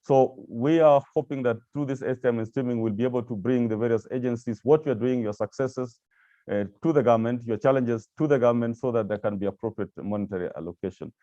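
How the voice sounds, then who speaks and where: A man's voice: medium pitch, fast, mellow, no room sound, highs cut off. A man giving a presentation with slides to staff of agencies, speaking hesitantly with many repeated words and fillers. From Kenya.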